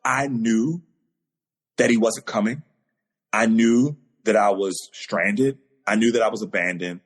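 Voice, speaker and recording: A man's voice: lowish voice, steady tone, measured pace, slightly rough. A man, a podcast guest on a video call, telling a personal story in an earnest, emotional way that grows in intensity.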